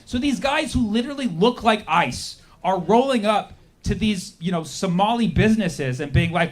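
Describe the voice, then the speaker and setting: A young man doing a stand-up comedy set, sarcastic, jumping into quick acted-out voices. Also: high-pitched, expressive. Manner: sarcastic, acts out characters in quick bursts. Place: comedy stage with a laughing audience.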